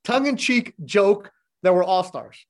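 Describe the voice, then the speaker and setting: A middle-aged man with a fairly high-pitched voice talks casually as a guest on a podcast. He tells his stories bluntly and with plenty of animation, dropping the odd swear word along the way. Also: big pitch swings, a little slow. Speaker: sports broadcaster, podcast guest. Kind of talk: casual chat.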